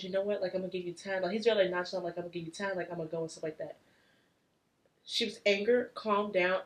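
A woman's voice: fairly low pitch, low-quality recording. Frank, filler-heavy young woman. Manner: candid and crude, heavy on "like", telling drinking stories. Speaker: podcast co-host. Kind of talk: casual chat.

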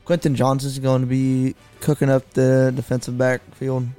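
A young man co-hosting a casual sports podcast, dropping quick one-liners. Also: medium pitch, completely flat delivery, dark tone, smooth, faint music behind. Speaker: podcast co-host.

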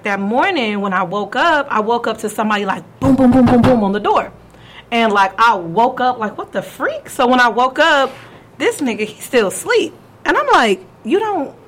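A young woman from California, hosting a casual chat and telling a story with lively quoted voices. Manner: animated, acts out quotes with big pitch jumps. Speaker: podcast host.

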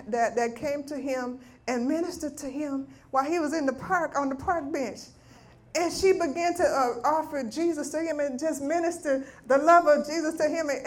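A middle-aged woman giving a spoken testimony at a ministry meeting, telling a story with lively acted-out quotes. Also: sits high. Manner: animated storytelling, acting out voices of family members. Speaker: guest speaker at a women's ministry meeting. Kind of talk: testimony preaching.

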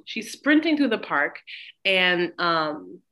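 A woman's voice: on the low side, sing-song, slow pace, sharp tone. A woman co-hosting a podcast in casual, playful chat, laughing often. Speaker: podcast co-host.

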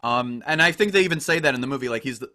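A man talking in a casual podcast chat with a bright, forceful tone. He rambles with enthusiasm and fills his sentences with "like". His pitch sits in an ordinary middle range. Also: racing. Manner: enthusiastic, rambling with many "like" fillers. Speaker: podcast co-host.

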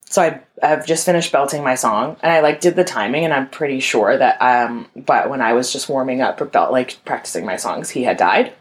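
Young woman with a very low voice, telling a story candidly and casually to an audience. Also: normal speed, few pauses. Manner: candid, conversational, frequent "like" fillers; addresses listeners as y'all.

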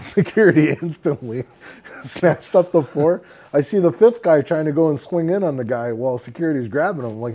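A man's voice: on the high side, fairly quick, highs cut off. A man co-hosting a casual podcast, telling a rowdy story with lots of swearing and laughter. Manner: animated, profane, laughing while telling a story. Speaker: podcast co-host.

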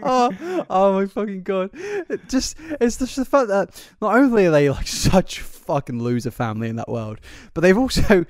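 A man in loose podcast banter, laughing and swearing as he riffs. His voice sits fairly high and swings widely in pitch. The sound is close and dry. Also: moderate pace, hardly any pauses, no echo. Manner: laughs often, swears, animated riffing. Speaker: podcast co-host. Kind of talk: casual banter.

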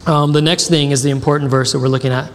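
A man's voice: on the high side, level tone, fast talker, in a large hall. A man preaching a sermon, telling personal stories in a conversational way and acting out the dialogue. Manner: conversational, acts out quoted dialogue. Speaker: pastor.

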